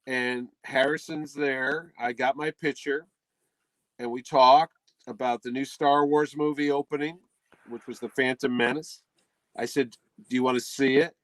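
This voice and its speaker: A man's voice: mid-range voice, measured pace, dry recording, rough recording. A middle-aged man hosting a podcast, telling a comic story in a casual chat and acting out the quotes. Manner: animated, acts out quotes in the story. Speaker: podcast host.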